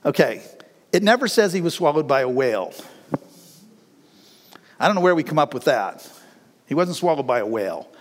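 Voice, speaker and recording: Preaching a sermon at a moderate pace with frequent pauses, a middle-aged male pastor uses a high, lively voice that swoops up and down. He's folksy and animated, laughing between lines, and a long hall reverb carries the sound.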